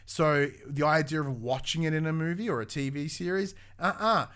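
A young adult man, co-hosting a casual gaming news podcast in an animated, swearing, restart-filled way. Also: a little high, normal speed. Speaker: podcast co-host.

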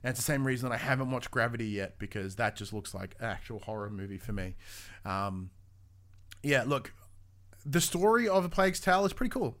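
A young adult man, co-hosting a casual gaming news podcast in an animated, swearing, restart-filled way. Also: medium pitch, brisk. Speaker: podcast co-host.

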